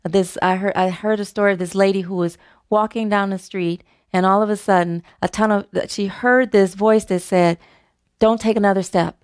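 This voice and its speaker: A woman's voice: mid-range voice, fairly even intonation, normal speed, clear, resonant tone, dry recording, studio quality. A woman giving a casual sermon to her spiritual community, chatty, with restarts and a joke. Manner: chatty and warm, with restarts and a joking anecdote. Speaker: speaker giving the talk at a spiritual community service.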